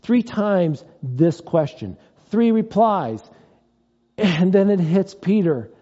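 A pastor preaching in a mellow voice. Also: male voice, high voice, lively intonation, takes it slowly, muffled recording. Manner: conversational preaching with personal stories. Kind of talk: sermon.

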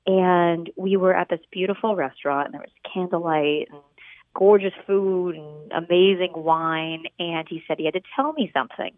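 A woman's voice: lowish voice, fairly even intonation, no echo. Woman caller on a tinny phone line. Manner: warm, gushing, bit halting. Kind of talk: telling a story on a phone call.

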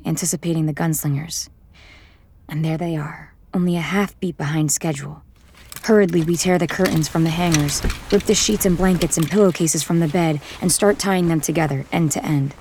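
A woman narrating a first-person audiobook in a measured, even storytelling voice. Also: sits low, a little hiss or hum.

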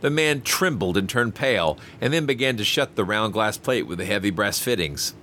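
Low, lively male story narrator. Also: normal speed, slight background noise. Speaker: audiobook narrator. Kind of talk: first-person story narration.

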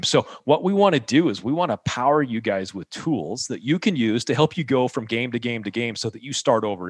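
A man's voice: lowish voice, no room sound, studio quality. Emphatic man coaching young players. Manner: emphatic, repeats key phrases, asks rhetorical questions. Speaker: mental performance coach.

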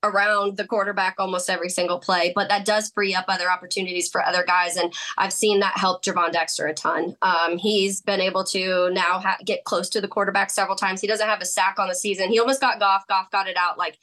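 A woman's voice: medium pitch, little pitch movement, pushed and bright. Chatty woman sports analyst. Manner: chatty, quick, laughs often. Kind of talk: casual podcast chat.

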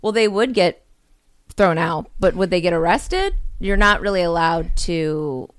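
A woman's voice: on the low side, lively intonation, a little slow, clean tone, dry recording. A woman co-host in casual chat, curiously asking follow-up questions.

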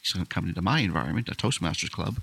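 A man's voice: low voice, animated, very fast, creaky, a bit bright, breathy edge. A man guest on a podcast, telling stories in a friendly, casual chat about public speaking.

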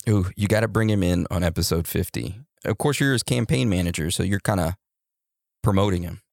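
A man with a low, gravelly voice chats on a podcast, slowly turning ideas over and drawing out his questions. The sound is dry and close. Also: darkish tone, no room sound. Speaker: podcast co-host. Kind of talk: casual podcast chat.

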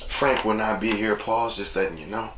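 A man's voice: on the low side, moderate pace. Male host, casual slangy monologue, echoey noisy room. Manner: slangy, rambling, acts out quotes. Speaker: podcast host. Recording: echoey room with steady noise.

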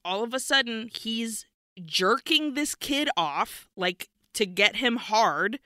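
Bright, clear-voiced woman podcast host. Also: on the high side, animated, takes it slowly, no echo, clean studio sound. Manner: candid, retelling scenes in detail with nervous laughs. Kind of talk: casual movie recap chat.

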